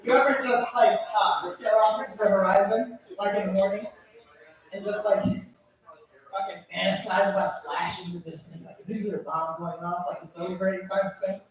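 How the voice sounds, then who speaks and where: Deadpan man telling dark stand-up jokes. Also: high voice, moderate pace. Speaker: comedian. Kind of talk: stand-up comedy. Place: small comedy club stage. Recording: very echoey room, far from mic, crowd.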